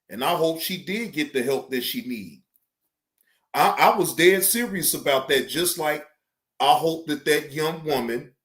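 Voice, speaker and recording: A man's voice: on the high side, a bit bright. A man hosting a reaction channel, giving blunt, profane, preachy commentary in a casual tone.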